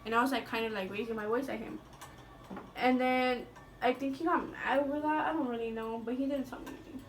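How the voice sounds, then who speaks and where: A woman's voice: sits high, fast talker, slight background noise. A young woman telling a school story in a casual storytime vlog, chatty and swearing, with lots of "like". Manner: chatty, swearing, heavy use of "like".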